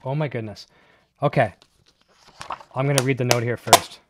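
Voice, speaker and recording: A man hosting a live online show, chatting casually and excitedly while unboxing, with many fillers and restarts. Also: medium pitch, moderate pace, heavy background noise. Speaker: host of a live gear show.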